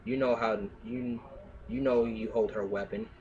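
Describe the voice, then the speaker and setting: A man's voice: on the low side, fairly even intonation, a little slow, a little mellow, lo-fi sound, slight background noise, natural voice. A man reading the lines of a cruel, taunting male thief villain in a mocking reading of an amateur story.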